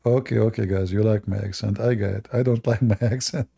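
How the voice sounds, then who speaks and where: A man's voice: on the low side, steady tone, a little fast, creaky, mellow, husky. A man with a non-native English accent, hosting a live debate stream with mocking, sarcastic asides. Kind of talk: casual livestream talk.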